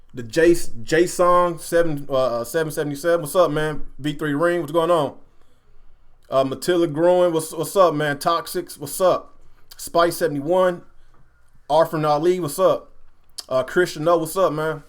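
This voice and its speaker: Animated high-voiced man ranting on stream. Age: adult, a father. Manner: animated, repetitive, addresses chat directly. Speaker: gaming livestream host. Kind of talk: casual livestream rant. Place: home.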